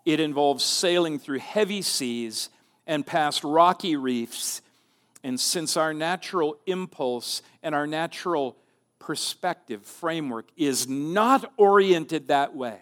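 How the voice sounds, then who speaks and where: Slow, earnest male preacher. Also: on the high side, animated, fairly bright tone. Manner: earnest, addresses the congregation as loved ones. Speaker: pastor. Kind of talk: sermon.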